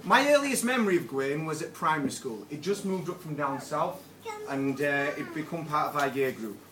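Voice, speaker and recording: A young man stands up as best man at a wedding reception, telling teasing jokes with a touch of nerves. His voice sits fairly high. It is picked up by a distant camera in a roomy, echoing hall, with a big crowd laughing and chattering loudly around him. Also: lively intonation, normal speed. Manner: joking, a little nervous. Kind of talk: wedding speech. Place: wedding reception room with guests.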